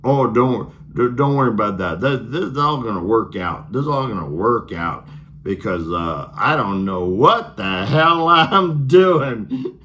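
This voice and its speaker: A man's voice: mid-range voice, sing-song, unhurried, bright, forceful tone, pitched below the performer's own voice. A man mimicking a smug male official who breezily insists everything is fine. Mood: falsely soothing. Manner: falsely reassuring, breezy.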